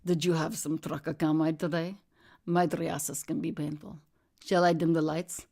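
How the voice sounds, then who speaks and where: Woman doing a calm foreign-sounding lady doctor. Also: fairly low pitch, takes it slowly. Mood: inquiring. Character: middle-aged woman psychiatrist, calm, oddly foreign-sounding.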